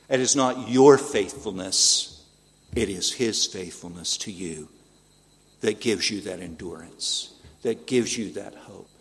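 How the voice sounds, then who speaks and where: A man's voice: lowish voice, vocal fry. Earnest male preacher in a reverberant hall. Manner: earnest, pleading, rhetorical questions. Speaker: pastor. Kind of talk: sermon.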